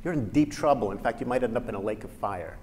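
A man's voice: fairly low pitch, lively intonation, quick pace, darkish tone, lightly acted. A man voicing an earnest male Christian in a spoken joke, urging and sincere, heard in a reverberant hall. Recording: reverberant lecture hall, faint ambience.

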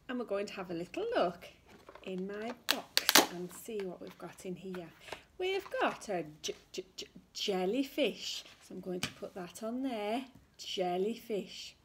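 A woman teaching small children their letter sounds in a slow, sing-song, encouraging way. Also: mid-range voice, husky. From England. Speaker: nursery teacher. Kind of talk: children's phonics lesson.

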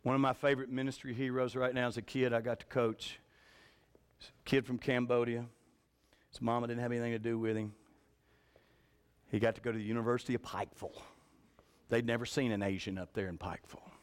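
A man preaching a revival sermon in a church, telling folksy stories and swinging from shouts to a hushed voice. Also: medium pitch, level tone, brisk, pauses often, smooth. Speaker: pastor. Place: church sanctuary.

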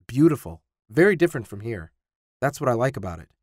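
A man's voice: mid-range voice, fast talker, no echo. A man doing earnest teenage boy Tim. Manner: excited, protesting. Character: teen boy Tim, earnest, easily offended.

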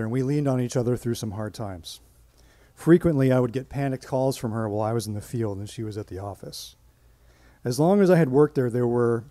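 A man performs a personal story live on stage, pacing it with measured, dramatic pauses. His voice is mellow and warm, and the sound is dry and close to the mic. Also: medium pitch, no echo.

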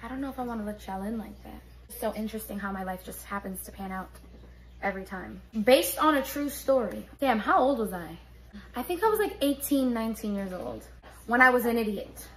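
A woman, telling a story on her vlog in an animated, profane, streetwise way. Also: on the high side, fairly quick, low-quality recording. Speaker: beauty vlogger.

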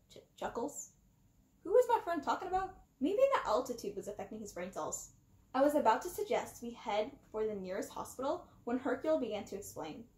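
A lively, high-voiced woman reads a storybook aloud expressively, animatedly acting out the first-person narrator. The recording has a roomy echo.

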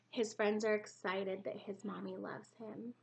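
A woman preschool teacher reading a picture book aloud at children's story time, in an animated, exclamatory way with gasps. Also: mid-range voice, slow, vocal fry, heavy background noise.

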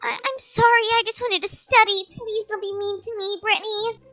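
Timid bookworm teen girl, voiced by a woman: very high, bright, stammering and meek. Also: fairly even intonation, moderate pace, dry recording, soft background music. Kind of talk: game role-play voice acting.

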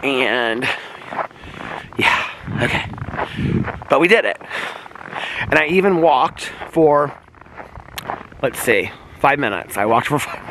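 A man's voice: medium pitch, animated, slow, long pauses, background noise. A man chatting to his viewers while walking outdoors in the snow, exclaiming and laughing often, recorded on a phone. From Indiana, USA. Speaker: vlogger. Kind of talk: casual walking vlog.

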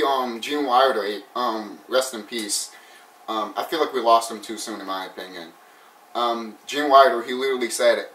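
A man's voice: mid-range voice, fairly bright tone. A man giving a casual, rambling movie review, swearing often and laughing a lot. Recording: roomy sound from a distant mic.

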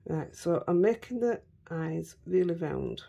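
A woman's voice: lowish voice, measured pace, vocal fry, mellow, slightly rough. A middle-aged woman with a Yorkshire accent chatting casually as she crafts, talking to herself and her dogs as she works. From Yorkshire, England. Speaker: craft vlogger.

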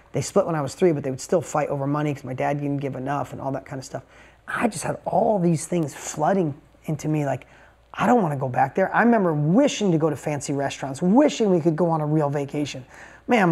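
A man's voice: on the high side, creaky, a little mellow. A middle-aged man giving an emotional, emphatic motivational talk, telling a personal story and repeating words for punch. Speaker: motivational speaker.

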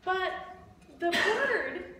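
A woman teacher retells a simple story to learners in a high voice, repeating each key phrase several times. Her delivery is extremely slow and deliberate. The room is very echoey, with faint ambience behind her. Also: sing-song, bright, forceful tone, far from the mic, slight background noise. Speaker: language teacher. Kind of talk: slow story-listening lesson.

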